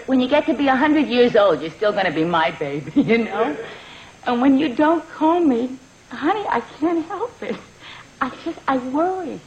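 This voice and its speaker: A woman's voice: sits high, highs cut off, a little hiss or hum. A woman playing a doting, guilt-tripping middle-aged mother with a wheedling, melodramatic way of talking, heard on an old comedy record. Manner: wheedling, plaintive, melodramatic sighs and pleas.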